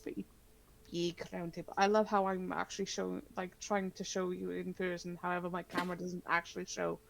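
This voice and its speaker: A woman narrating a tabletop horror game as game master, halting, with many fillers and frequent laughs. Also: fairly low pitch, level tone, creaky, slight background noise.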